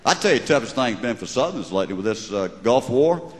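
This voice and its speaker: A man's voice: mid-range voice, very animated, fast talker. A middle-aged man with a Southern drawl doing wry, mocking stand-up storytelling before a live audience. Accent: Southern US (Georgia). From American South. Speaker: stand-up comedian. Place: large live venue with audience. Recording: echoey hall, crowd in background.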